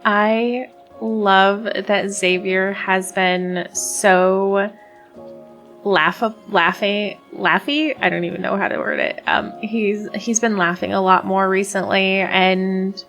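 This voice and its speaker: A woman's voice: mid-range voice, fairly even intonation, slow, a bit bright, soft background music. A woman hosting a game playthrough, reading the story text aloud and gushing about the characters, often stumbling and restarting words. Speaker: let's play host.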